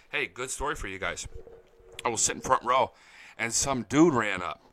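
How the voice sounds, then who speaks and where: A young man hosting a casual live-stream fan chat, excitable and profane, reading viewer comments aloud. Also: mid-range voice, moderate pace, dry recording. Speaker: fan show host.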